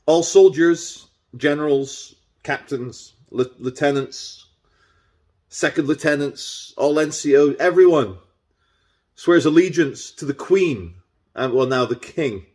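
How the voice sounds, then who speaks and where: A man's voice: medium pitch, takes it slowly, a little mellow. A man vlogging in a casual, off-the-cuff monologue, with a sarcastic and irreverent manner. He rambles from point to point with restarts and asides, in an ordinary mid-range male voice.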